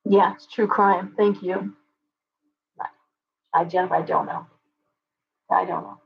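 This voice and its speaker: A woman's voice: on the low side, fairly even intonation, a little slow, vocal fry, highs cut off. Opinionated woman ranting on a live stream. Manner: opinionated, ranting, speaks directly to chat. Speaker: livestream host. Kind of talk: live chat stream answering viewers.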